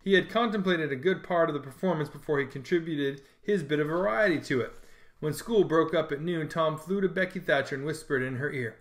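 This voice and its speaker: A man narrating a classic novel in a measured, expressive storybook reading. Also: fairly high pitch.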